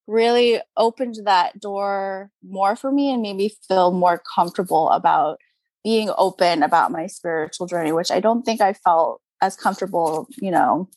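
A woman's voice: on the low side, a little mellow, dry recording. A young adult woman chatting as an interview guest, upbeat and full of "like" and "you know". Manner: chatty, upbeat, lots of "like" and "you know" fillers, frequent laughs. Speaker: guest, crystal seller. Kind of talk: casual interview chat.

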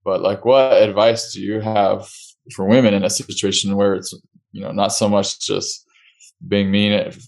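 A man's voice: on the low side, flat delivery, normal speed, vocal fry, a little mellow. A man hosting a casual interview, asking reflective, rambling questions with many fillers. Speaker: host and physician.

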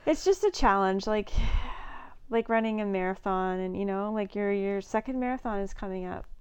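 A woman chatting casually as co-host, quick and encouraging. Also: medium pitch, darkish tone, clean tone. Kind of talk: casual chat.

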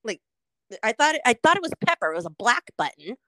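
A woman co-hosting a podcast, telling a fast food rant in casual chat, swearing freely and animated. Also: on the high side, no echo. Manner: swears a lot, animated ranting storyteller. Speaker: podcast co-host.

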